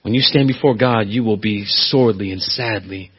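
A pastor preaching a sermon, swinging from quiet, low asides to loud, emphatic, high-pitched appeals. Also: male voice, moderate pace, breathy edge, highs cut off.

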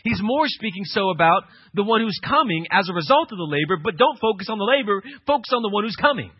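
A male pastor preaching an emphatic sermon, swinging from quiet passages to loud, insistent ones. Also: sits high, expressive, fast talker, breathy edge, dry recording, dull audio.

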